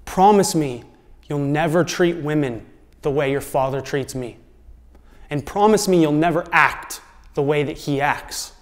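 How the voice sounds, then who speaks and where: A man quoting a mother who earnestly and gently pleads with her son. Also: a little high, measured pace, long reverb tail, close to an everyday voice. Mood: pleading.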